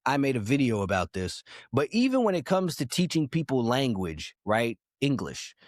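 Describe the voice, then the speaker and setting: A man co-hosts a podcast in a blunt, profane rant, pressing each point hard. His voice sits at an average pitch. The sound is dry and close to the mic. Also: sing-song, normal speed, no echo. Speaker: podcast co-host.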